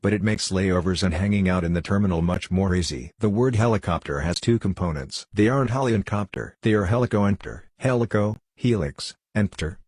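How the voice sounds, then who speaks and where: A man reading online posts aloud in a steady, matter-of-fact way. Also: deep voice, a little fast, few pauses, no room sound, clean studio sound. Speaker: narrator.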